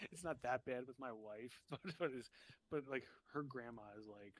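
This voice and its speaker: A man's voice: mid-range voice, a little hiss or hum. A man from New Jersey chatting as a podcast guest, rambling and saying "like" a lot. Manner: rambling, peppered with "like", quick laughs. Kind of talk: casual chat.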